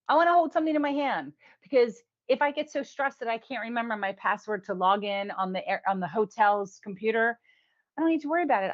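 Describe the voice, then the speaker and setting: A woman hosts a casual weekly review, talking in a chatty way with quick asides and frequent laughs. Her pitch sits in the middle range. The recording sounds dull and lo-fi. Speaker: host.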